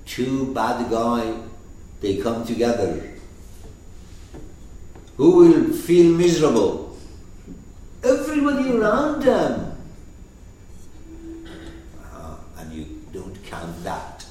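A man's voice: mid-range voice, wildly swooping pitch, slow, pauses often, warm tone. A man teaching a class on a poetic text, speaking emphatically and asking his students questions. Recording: echoey room, distant mic, faint noise.

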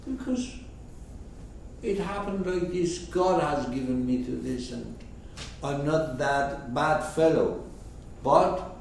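Slow, emphatic man teaching a class. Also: on the high side, lively intonation, vocal fry, a little mellow. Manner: slow, emphatic, questions his listeners. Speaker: teacher explaining a poem. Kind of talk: informal classroom explanation. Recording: echoey room, mic far off.

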